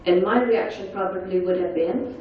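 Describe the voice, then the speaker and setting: A woman speaker at a conference panel, telling her own story in an earnest, quiet and intense way. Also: lowish voice, moderate pace, slight background noise. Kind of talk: personal testimony talk. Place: large conference hall. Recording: echoey, dull hall sound from far off.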